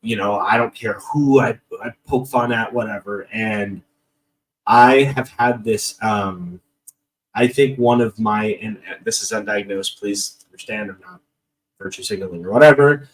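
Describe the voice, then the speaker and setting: Low-voiced man, self-deprecating storyteller, slightly off-mic. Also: unhurried, recorded from a distance, low-quality recording. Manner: jokey, self-deprecating, rambling with restarts. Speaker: podcast guest. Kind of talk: casual storytelling.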